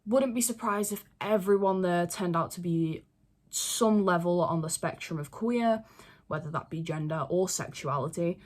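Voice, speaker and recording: A young woman who makes fandom videos chats casually to camera, rambling along with plenty of fillers and swearing. Her voice is on the low side, at a moderate pace.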